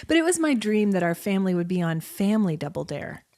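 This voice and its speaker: A woman's voice: mid-range voice, very animated, quick pace, darkish tone. A woman co-hosting a podcast in casual comedic chat, chatty and laughing along, recorded at a microphone in a room. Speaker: podcast co-host.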